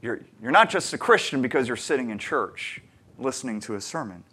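Preaching with a medium-pitched voice that's very animated, a little fast, and edged with breathiness, this pastor recounts a personal story. He stays earnest and conversational, alternating soft asides with pointed questions aimed at the congregation.

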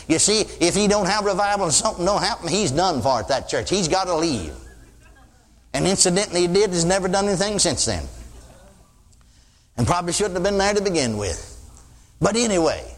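High, animated older preacher in a hall. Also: male voice, a little fast. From Texas. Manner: folksy storytelling, mimics a pastor's sing-song praying. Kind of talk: sermon. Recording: long reverb of a church hall.

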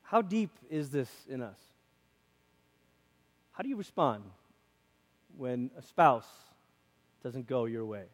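A man preaching a conversational sermon as a pastor, lively and acting out quoted voices, in a church. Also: mid-range voice, slow pace, long pauses, long reverb tail. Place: church sanctuary.

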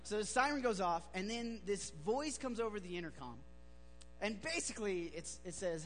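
A man with a high voice preaching in a large, reverberant hall with a faint hum behind him. He tells a story in a chatty, joking sermon style, loose and full of fillers. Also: moderate pace, a bit bright. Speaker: pastor.

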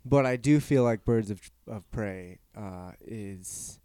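A man's voice: fairly low pitch, slow pace, warm tone, clear, resonant tone, dry recording, studio quality. A man hosting a podcast in casual chat, blunt and opinionated, swearing freely. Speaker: podcast host.

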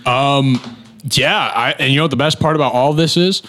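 A young man guesting on a casual sports podcast in a booth, talking as an excitable, animated fan. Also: medium pitch, normal speed.

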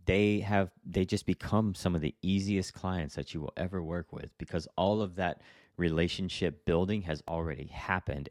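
A young man with a very deep voice talks through his solo podcast in a loose, rambling style, often checking in with "right?" and restarting his sentences. His voice is recorded close up on a podcast mic in a small room, so the sound is completely dry. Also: darkish tone, no room sound. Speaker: podcast host, real estate agent. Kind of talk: casual solo podcast talk.

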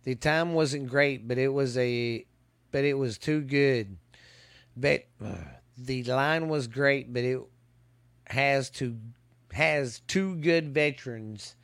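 A man's voice: medium pitch, fairly bright tone, smooth, dry recording. A man giving a casual football season preview, stumbling and restarting as he reads stats, with hiccups. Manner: halting, stumbles and restarts while reading stats. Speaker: podcast host. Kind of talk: casual sports preview commentary. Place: hot outdoors.

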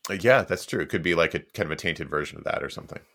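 A man co-hosting a podcast in casual chat, halting and restarting often with lots of "you know". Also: low-pitched, sharp tone. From Texas. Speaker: podcast co-host.

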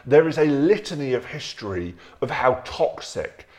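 A man co-hosting a casual podcast, opinionated and argumentative, tagging his points with quick rhetorical checks. His voice sits at an ordinary middle pitch. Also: big pitch swings, a little mellow. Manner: opinionated, rhetorical "right?" tags. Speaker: podcast co-host. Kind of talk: casual chat.

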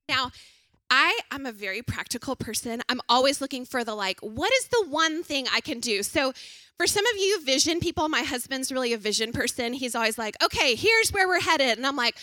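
A woman in her thirties preaches in a chatty, earnest way and keeps putting questions to her listeners. Her voice sits high and bright. The sound is dry and close, with little room around it. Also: dry recording. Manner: conversational, earnest, asks the audience questions. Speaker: speaker at a church talk. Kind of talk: sermon.

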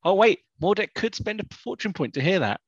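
Excitable man playing a tabletop game. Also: high voice, breathy edge, dry recording, lo-fi sound. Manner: excitable, jokey, quick to laugh. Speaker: player. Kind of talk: casual tabletop game chat.

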